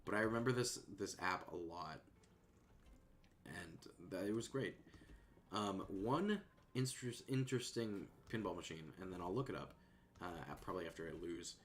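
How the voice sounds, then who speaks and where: A man streaming and chatting casually at a desk microphone in a rambling, laid-back way that often trails off softly. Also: low-pitched, moderate pace, a little hiss or hum. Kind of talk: casual chat.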